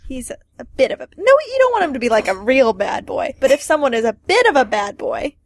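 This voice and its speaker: A woman co-hosting a casual comedic chat, tossing out quick deadpan quips and laughing easily. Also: sits high, no room sound. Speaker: podcast co-host.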